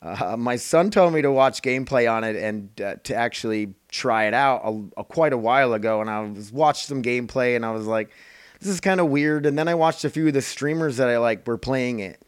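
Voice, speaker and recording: A man's voice: medium pitch, fairly quick, few pauses, clean tone, no echo, studio quality. A man hosting his own podcast, rambling in an offhand, casual way and swearing freely. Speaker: podcast host. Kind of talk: casual solo podcast chat.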